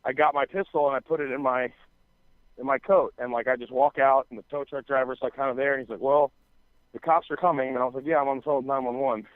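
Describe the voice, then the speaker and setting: A man's voice: mid-range voice, steady tone, fast, no room sound. Rambling man telling a story, tinny sound. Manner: rambling, filler-heavy, profane, acts out quoted dialogue. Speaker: podcast co-host. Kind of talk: casual storytelling chat. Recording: dry, tinny phone-like sound.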